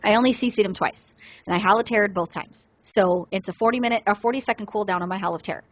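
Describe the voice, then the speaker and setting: A woman co-hosts a gaming podcast, spinning an animated tale in a mid-range voice. The sound is dry and a little dull, like a home mic in a small room. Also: medium pitch, quick pace, no room sound. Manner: animated storyteller, acts out other players in quotes. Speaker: podcast co-host. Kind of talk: casual gaming podcast storytelling.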